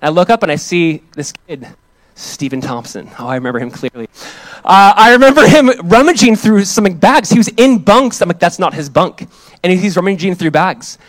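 A young man preaching a sermon drifts into a lively personal story full of quick asides and quotes he acts out. For a man, his voice is fairly high, and the sound is dry and close with little room around it.

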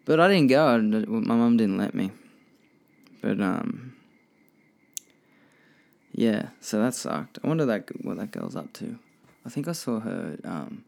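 Gravelly low-voiced guy rambling. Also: animated, unhurried, darkish tone. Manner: rambling, sweary, lots of restarts. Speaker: podcast host. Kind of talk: casual solo podcast chat.

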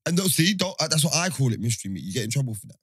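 Husky slangy man telling stories. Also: mid-range voice, very fast, no room sound. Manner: storytelling, slangy, animated. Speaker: podcast co-host. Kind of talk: casual banter.

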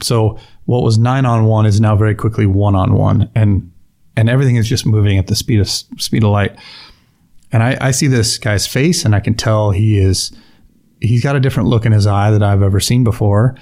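A man's voice: on the low side, a little mellow. A middle-aged man, a police officer, recounting an incident in an interview with frequent restarts and quoted lines. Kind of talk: storytelling interview.

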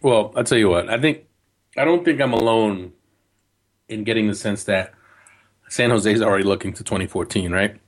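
A man from New Jersey co-hosts a casual soccer show in a low voice. He talks in a loose, chatty way and jokes with his co-host. His sentences often stop and start again. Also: normal speed, pauses often. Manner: chatty, joking, lots of restarts. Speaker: podcast co-host.

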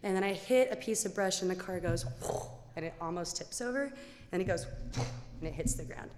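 A young woman tells a story live before an audience in a lively, chatty way, full of "like" and "um". Her voice sits fairly low. Long reverb from the hall trails behind every line. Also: brisk, slight background noise. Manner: animated, lots of "like" and "um", acts out quotes.

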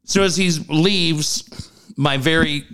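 A man's voice: fairly high pitch, takes it slowly, fairly bright tone, smooth. A middle-aged man co-hosting a casual talk show, telling stories with swearing and laughing at himself. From Southern California. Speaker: podcast co-host. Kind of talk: casual chat.

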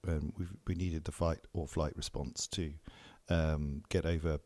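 A man, a psychiatrist co-hosting a podcast, speaking in a measured, thoughtful way in casual chat. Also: extremely low pitch, flat delivery, a little mellow, dry recording. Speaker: psychiatrist co-host.

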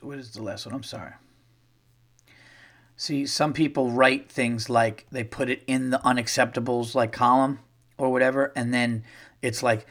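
A man hosting a podcast, telling a rambling, profane, animated story in casual talk, his voice worn from getting sick. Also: mid-range voice, moderate pace. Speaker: podcast host. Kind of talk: casual comedic storytelling monologue.

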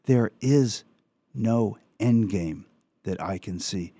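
A male radio talk show host, reading an opinion piece aloud with earnest, measured commentary and some halting restarts. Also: dark tone, dry recording. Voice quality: low gravelly voice. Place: radio studio.

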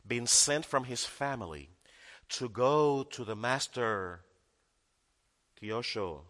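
A man's voice: medium pitch, bright, forceful tone, big-room sound. A male pastor preaching a sermon, emphatic and repeating key phrases for effect.

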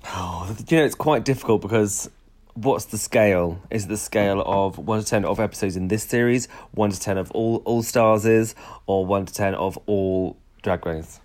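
A man's voice: on the low side, normal speed, darkish tone. A man co-hosting a podcast in casual chat, wry and joking, rambling through his points. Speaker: podcast co-host.

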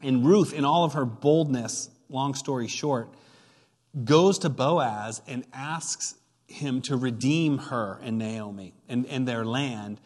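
A man's voice: mid-range voice, slow pace, darkish tone. A man preaching a sermon as pastor, retelling a story with playful asides and emphatic build-ups. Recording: long hall reverb.

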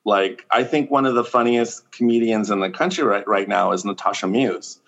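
Man, comedian, casual podcast chat, animated storyteller, slightly dull lo-fi audio. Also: moderate pace. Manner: animated storyteller, acts out quotes in a raised pitch.

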